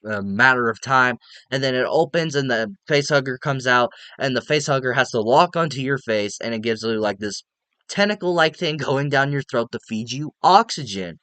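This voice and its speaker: Excitable male movie reviewer, casual and rambling, swears a lot; smooth voice, mid pitch, dry close sound. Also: normal speed, no echo.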